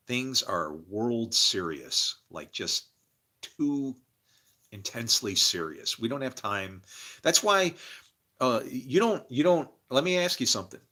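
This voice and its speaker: On a livestream, a man with a lowish voice delivers a rambling religious monologue. He swings between murmurs and loud bursts, laughing between phrases.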